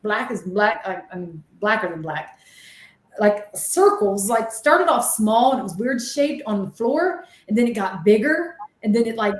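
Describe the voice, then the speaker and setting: As an interview guest, this woman, a ghost hunter who also works as a medium, tells stories in an animated, excitable way while dramatically mimicking the voices she recalls. Her voice is mid-range at a normal speed, captured in a room with echo.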